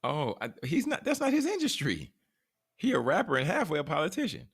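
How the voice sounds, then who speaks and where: A man hosting a podcast in casual chat, relaxed and repetitive, with hype sign-offs. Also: on the high side, a little fast, slightly rough, no echo, studio quality. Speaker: podcast host.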